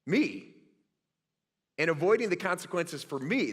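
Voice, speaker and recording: A middle-aged man preaching from the pulpit, spinning stories with lively, self-mocking humor. His voice is bright and ringing, and it sits somewhat high for a man. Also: normal speed. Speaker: pastor. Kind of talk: sermon.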